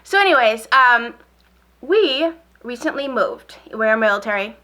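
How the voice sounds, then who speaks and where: A woman beauty vlogger in a relaxed get-ready-with-me chat, rambling and repeating herself while she applies makeup. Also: a little high, a little slow. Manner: talks while applying makeup.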